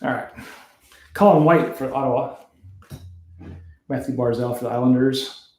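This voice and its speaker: A man's voice: mid-range voice, moderate pace, a little mellow, echoey room, soft background music. A Canadian man hosting a card break, casually calling out player names and laughing at the hard-to-pronounce ones. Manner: reads off player names, chuckles at tricky pronunciations. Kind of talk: casual card-opening commentary.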